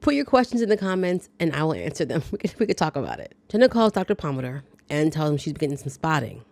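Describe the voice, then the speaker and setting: A woman's voice: deep voice, sing-song, fast, creaky, a little mellow, no room sound. Chatty woman recapping a movie. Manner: chatty, playful asides and reactions. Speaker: movie review host.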